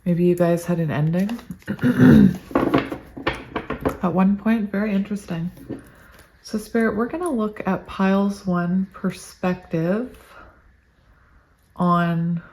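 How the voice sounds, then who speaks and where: A woman's voice: mid-range voice, slow, pauses often, warm tone, slight background noise. A woman giving a casual tarot reading to her viewers, chatty and gushing, thinking aloud as she goes. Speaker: tarot reader.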